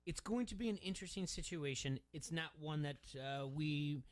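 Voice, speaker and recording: A man's voice: on the high side, moderate pace. Rambling male sports radio host. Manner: rambling, emphatic, repeats words.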